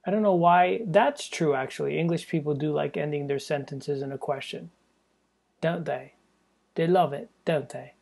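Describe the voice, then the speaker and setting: A man's voice: on the high side, normal speed, gravelly, a little mellow, husky. A man hosting his own podcast, talking alone in a loose, rambling way with self-deprecating jokes and profane asides. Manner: drops into a mock English accent for jokes. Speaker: podcast host. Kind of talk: casual solo podcast monologue.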